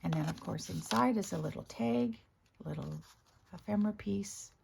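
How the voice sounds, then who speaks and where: Gravelly-voiced woman with a morning voice. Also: mid-range voice, normal speed, very noisy. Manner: chatty, clears throat often, self-corrects. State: hoarse morning voice. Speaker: craft video host. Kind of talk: casual crafting show-and-tell.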